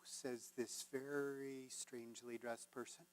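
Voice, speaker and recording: A male minister telling a folk tale in a sermon, measured and gently conversational. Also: fairly high pitch, animated. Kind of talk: sermon storytelling.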